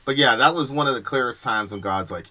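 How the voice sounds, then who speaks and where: Casual chat co-host, male, bright tense voice, animated storyteller. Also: medium pitch, fast talker. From New York. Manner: animated storyteller, shouts quoted lines, swears.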